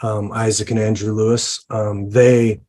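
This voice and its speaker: A man's voice: on the low side, little pitch movement, measured pace, dark tone. A man, a film director, talking about his film in an interview, with many fillers and restarts. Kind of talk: interview conversation. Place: lives in New Orleans.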